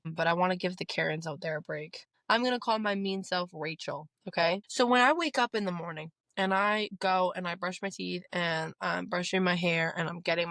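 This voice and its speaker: A woman's voice: lowish voice, creaky, fairly bright tone, no echo. A young woman hosting a self-help podcast, talking straight to the listener in an earnest, coaching way. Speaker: podcast host. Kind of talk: motivational self-help talk.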